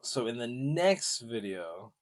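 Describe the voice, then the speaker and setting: Slow-talking joking male tutorial host. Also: medium pitch, sing-song. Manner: loose, joking, salesy, with mild swearing. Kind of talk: casual screen-share tutorial.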